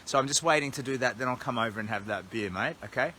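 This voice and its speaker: Talking fast in a medium-pitched, sharp voice, an Australian man livestreams from outside a roadside motel at night during a charity walk, his phone at arm's length. He's chatty, rambling and self-deprecating, and some background noise is audible.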